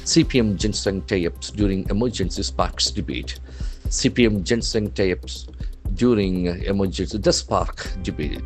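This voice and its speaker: A man's voice: low-pitched, unhurried, soft background music. A man teaching vocabulary from the newspaper, spelling words out letter by letter and repeating them for practice. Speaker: English language trainer.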